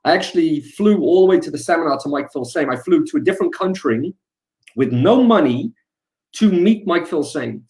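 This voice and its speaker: A man in his thirties giving a guest talk on a webinar, casual and energetic, hyping up the audience. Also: a little high, moderate pace. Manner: energetic, hype-building. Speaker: guest speaker.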